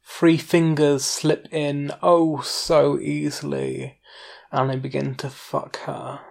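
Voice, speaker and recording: A narrator reading a first-person erotic story in an unhurried, intimate way. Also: mid-range voice, flat delivery, vocal fry, a little mellow.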